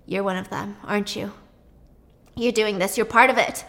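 A woman's voice: mid-range voice, fairly even intonation, moderate pace, fairly bright tone, natural voice. A woman voicing a panicked, paranoid young man who swears and lashes out while retelling a story. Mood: accusing. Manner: frantic, swearing, accusing.

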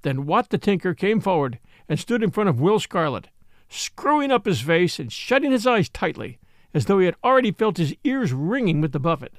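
Lively high-voiced male storyteller. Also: moderate pace, no room sound, clean studio sound. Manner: expressive, dramatic reading. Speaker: audiobook narrator. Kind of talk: storybook narration.

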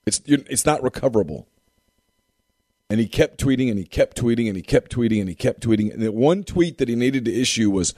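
A man's voice: medium pitch, brisk, a little mellow, no room sound, studio quality. A man co-hosting a casual sports talk show with an emphatic, repetitive way of making his points. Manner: emphatic, repeats phrases for effect.

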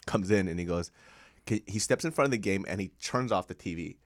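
A male podcast co-host with a low voice talks fairly quickly, telling stories in casual chat and laughing often. He's an animated storyteller, captured on a dry recording with clean studio sound.

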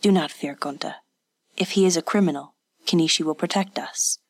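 A woman doing a steady male village official. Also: husky, dry recording. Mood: firm. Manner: measured, low and firm.

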